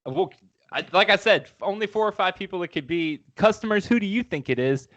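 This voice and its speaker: An excitable man co-hosts a casual podcast in a high voice that leaps all over the place. He swears freely and acts out little scenes as he talks. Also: fairly quick, lo-fi sound. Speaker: podcast co-host. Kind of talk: casual chat.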